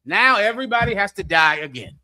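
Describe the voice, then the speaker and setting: A man's voice: high voice, big pitch swings, fairly quick, bright, forceful tone. A man preaching a fiery sermon in a mocking, scolding rant.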